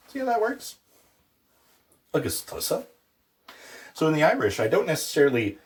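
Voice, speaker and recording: Male language tutor, casual and playful, pitch swings widely. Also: moderate pace, long pauses. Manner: playful, animated, with mock dialogues. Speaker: Irish language teacher.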